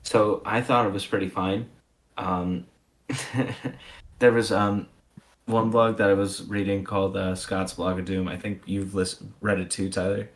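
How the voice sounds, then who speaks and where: Deep-voiced laid-back podcast man. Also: flat delivery, measured pace. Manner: easygoing, many ums and likes. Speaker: podcast co-host. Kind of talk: casual podcast chat.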